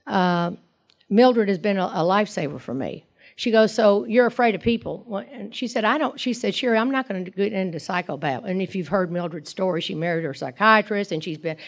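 A middle-aged woman speaking at a recovery meeting in a rambling, storytelling way. She wanders off into asides and acts out what others said to her, in a voice of ordinary pitch. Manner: rambling storyteller, many asides and acted quotes. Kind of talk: personal recovery talk.

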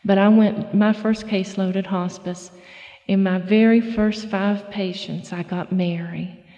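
Folksy middle-aged woman, mellow. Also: mid-range voice, steady tone, in a large hall, muffled recording. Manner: folksy, halting storyteller with many fillers and restarts. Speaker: speaker at a recovery meeting. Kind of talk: personal testimony talk.

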